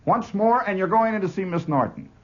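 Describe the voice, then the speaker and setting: A man's voice: sits high, lively intonation, a little fast. A man voicing a flustered woman schoolteacher scolding a pupil, heard on a dull 1970s radio broadcast. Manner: stern scolding.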